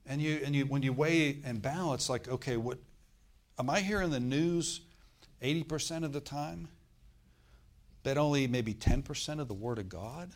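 A man's voice: medium pitch, normal speed. Conversational preaching man, talks to the crowd. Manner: conversational preaching, rhetorical questions to the congregation. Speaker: pastor. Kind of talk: sermon.

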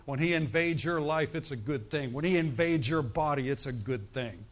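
A man preaching a sermon in a conversational way, often asking his congregation "right?" and "amen?", slowing down to stress scripture. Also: a little high. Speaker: pastor.

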